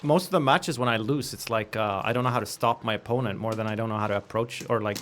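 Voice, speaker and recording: Excitable swearing gamer streaming from home. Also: male voice, lowish voice, fast talker, slight background noise. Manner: excitable, swears at the game, then talks softly on a call. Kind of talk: casual gaming stream chat.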